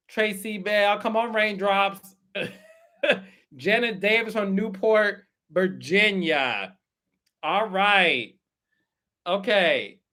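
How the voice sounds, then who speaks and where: A man's voice: high voice, pushed and bright. A man hosting a casual livestream, chatting and greeting viewers by name. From Texas. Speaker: host.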